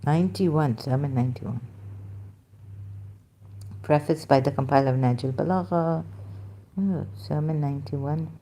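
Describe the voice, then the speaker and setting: A woman giving halting, emotional religious commentary, searching aloud for verses and near tears at times. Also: low voice, warm tone. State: close to tears.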